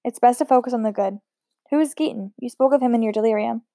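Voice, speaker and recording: A calm, protective older French sister, read aloud by a woman. She speaks soothingly but firmly. Her voice is mellow, fairly high, and recorded dry. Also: quick pace, no room sound, close to an everyday voice. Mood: gentle.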